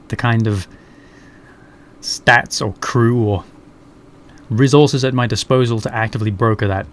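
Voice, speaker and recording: A man with a deep bass voice reading a story game aloud, with frank, casual asides. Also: measured pace, long pauses. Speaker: let's play gamer.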